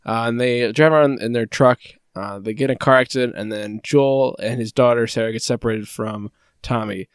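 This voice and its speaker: A man co-hosting a casual podcast, recapping a show with wry, deadpan jokes. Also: mid-range voice, brisk, clean tone, no echo, studio quality. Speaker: podcast co-host.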